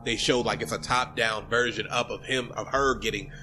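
A man's voice: mid-range voice, normal speed, soft background music. A man casually recapping a film in chat, swearing freely and acting out the characters' lines. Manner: animated, profane, acts out characters' lines. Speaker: podcast co-host recapping a film.

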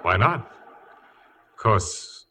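Gruff rich gentleman, curt and bossy, low bright voice, faint old radio hiss. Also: very animated, extremely slow, exaggerated voice. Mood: teasing. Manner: curt, commanding. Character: brooding, brusque wealthy older gentleman. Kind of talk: 1940s radio drama acting.

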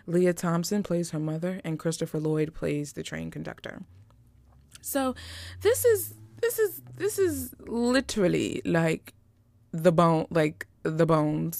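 A woman host giving casual, animated commentary on holiday movies, joking and slangy. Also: low-pitched, creaky, dry recording.

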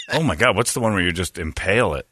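A man's voice: sits low, lively intonation, bright, forceful tone, husky. A man hosting a radio show, teasing his co-hosts in casual banter and laughing easily. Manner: joking, teasing, quick to laugh.

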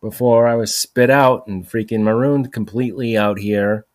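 Hosting a solo podcast from home, a man with a lowish voice rambles casually at a normal pace with fairly even intonation. He leans on "freaking" and "like" a lot, and it plays like a voice message.

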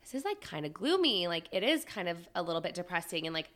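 A woman hosting a podcast, talking in a sympathetic, lively way with quick restarts. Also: lowish voice. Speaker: podcast host. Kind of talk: casual chat.

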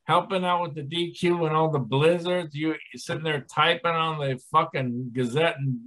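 A man's voice: fairly high pitch, fairly even intonation, moderate pace, a bit bright. A man hosting a comedy podcast, trading crude, teasing jokes. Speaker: podcast host. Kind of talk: casual comedic banter.

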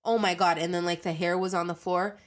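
A woman's voice: lowish voice, steady tone, a little fast. A young adult woman hosting a casual monologue podcast, ranting animatedly and swearing freely. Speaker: podcast host.

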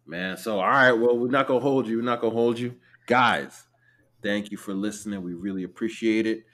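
A man co-hosting a podcast in casual chat, reacting quickly and cutting in. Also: lowish voice. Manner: animated, quick to react and interrupt. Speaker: podcast co-host.

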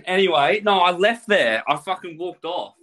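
A man's voice: sits high, moderate pace. Brash swearing storyteller man. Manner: animated, swears a lot, laughs while telling. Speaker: guest telling a travel story. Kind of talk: casual storytelling.

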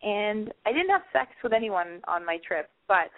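A woman's voice: mid-range voice, big pitch swings, moderate pace. Woman hosting a call-in advice podcast, blunt and swears a lot, rambly, sounds squeezed thru a phone line. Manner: brash, profane, rambling and playful. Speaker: podcast host giving dating advice. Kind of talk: casual call-in advice chat. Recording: phone-like narrow band.

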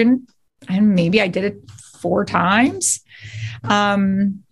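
Animated woman telling stories. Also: medium pitch. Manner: animated storyteller, quick bursts of speech. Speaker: guest actor and writer. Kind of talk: casual podcast interview.

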